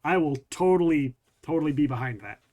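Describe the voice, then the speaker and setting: A man's voice: on the high side, animated, fairly quick, mellow. A man hosting a podcast, chatting casually in a rambling, self-deprecating, jokey way. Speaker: podcast host. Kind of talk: casual chat.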